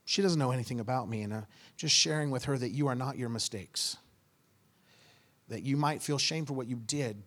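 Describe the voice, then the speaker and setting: Pastor telling a story from the pulpit. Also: male voice, mid-range voice. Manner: animated, acts out dialogue; relaxed, conversational. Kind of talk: sermon storytelling.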